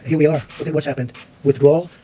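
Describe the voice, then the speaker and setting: A man's voice: fairly high pitch, steady tone, rapid-fire, warm tone, a little hiss or hum. Combative man at a press briefing. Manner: combative, repetitive phrasing. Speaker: president.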